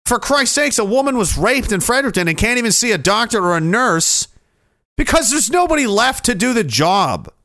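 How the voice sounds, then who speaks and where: A man's voice: very high-pitched, very animated, normal speed, bright, forceful tone, dry recording, clean studio sound. A man ranting on a livestream, heated and sarcastic, swearing often and reading out chat messages. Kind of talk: profane political rant on a livestream.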